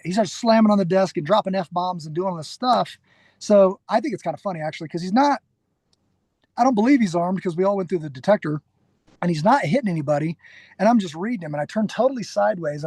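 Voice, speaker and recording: A middle-aged man, a guest on a podcast and a security trainer, telling stories in a casual, animated way, acting out quoted lines and often restarting his sentences. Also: sits high, no room sound. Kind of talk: casual interview storytelling.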